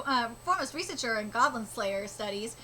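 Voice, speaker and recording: A young woman streaming a live reaction and reading manga aloud. She is excitable, swears casually and slips in and out of character voices. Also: on the high side, fairly quick, slight background noise.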